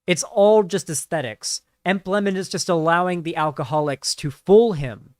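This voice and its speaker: A male streamer gives casual live commentary, rambling and swearing and packing his speech with fillers. His voice sits a touch high and sounds smooth and resonant. The recording is close and dry. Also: normal speed, no room sound. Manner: rambling, profane, lots of fillers.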